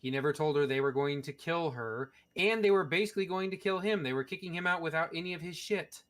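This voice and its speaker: A man's voice: fairly high pitch, fast talker, a bit bright. A male podcast co-host in casual chat, heavy on swearing and strong opinions. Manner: profane, opinionated ranting.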